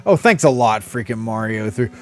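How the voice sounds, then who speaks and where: Excitable Southern man gaming. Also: lowish voice, moderate pace. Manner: excitable, swears and laughs often at his mistakes. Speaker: podcast co-host playing a video game. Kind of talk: casual gameplay chat.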